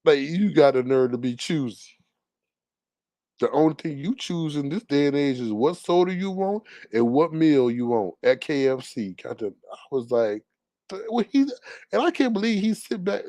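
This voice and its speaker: A man's voice: fairly high pitch, big pitch swings, normal speed, no echo. Indignant man ranting in a dry close voice. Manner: loud, indignant, drawling, swings between outbursts and mutters. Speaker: caller on a live talk stream. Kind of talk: animated casual ranting.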